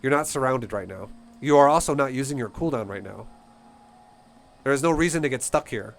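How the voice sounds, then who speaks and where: Man, game coach, casual replay breakdown, blunt, profane, passionate, mid-pitched. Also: expressive, brisk. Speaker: StarCraft coach.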